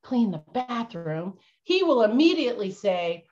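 Over dull, lo-fi video-call audio, a woman plays a bumbling, jittery male schooner captain who insists he isn't cursed, in an instructive storytelling role-play for kids. Her fairly high voice is very animated, a little slow, and a little mellow.

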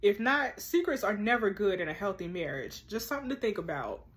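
A woman reads a chat story out loud and keeps cutting in with her own heated remarks. She is sassy and animated, with quick-tempered, slangy asides between the messages. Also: mid-range voice. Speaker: host. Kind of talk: reading a text-message story game aloud with reactions.

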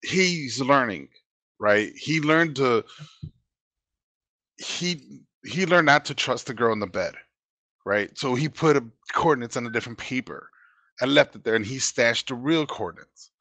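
Bright-voiced man in agreeable chat. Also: mid-range voice, expressive, a little slow, pauses often, no room sound. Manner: agreeable, short backchannels, explains plot points. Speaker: podcast co-host reviewing a movie. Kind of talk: casual chat.

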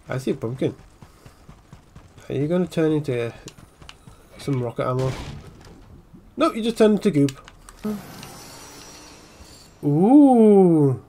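A young man giving casual, jokey commentary while playing a game, swinging between muttering and yelling. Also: a little high. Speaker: gaming channel host.

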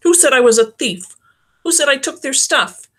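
A woman doing a shrill, defiant teenage girl. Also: lively intonation, normal speed, fairly bright tone.

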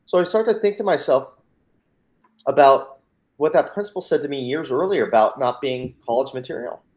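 A man's voice: mid-range voice, normal speed. An American man, a mindset coach, telling his personal story as an interview guest in an earnest, emphatic way, acting out the dialogue and often repeating words as he starts. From United States.

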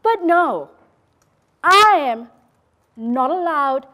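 A young woman from Malaysia performing a spoken word monologue on stage, sarcastic and lively, growing quiet and solemn. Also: high voice, unhurried. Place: theater stage.

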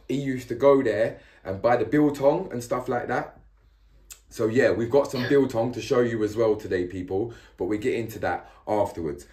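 A man chatting casually to his viewers while cooking, slangy and laid-back with excitable bursts. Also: mid-range voice. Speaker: cooking vlogger. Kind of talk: casual cooking vlog chat.

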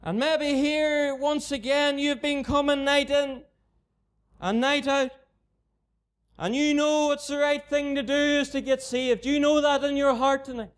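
High, flat-voiced Northern Irish preacher. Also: male voice, a little slow. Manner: repetitive, earnest appeals to the unbeliever. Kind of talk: gospel sermon. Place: mission tent.

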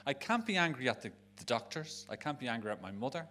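A man's voice: medium pitch, big pitch swings, fast talker, pushed and bright, a little hiss or hum. Frank middle-aged Dublin man. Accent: Dublin Irish. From Ireland. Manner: frank and emotional, rambling with restarts. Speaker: speaker at a charity event. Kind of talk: personal talk to an audience. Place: live event on stage.

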